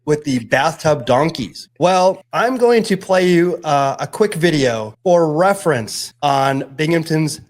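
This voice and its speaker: A man co-hosting a casual podcast, pitched a little high and introducing the next segment at an easy pace. He keeps pausing with "uh" as he goes. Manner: relaxed, often pauses with "uh". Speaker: podcast co-host. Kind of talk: casual chat presenting a segment.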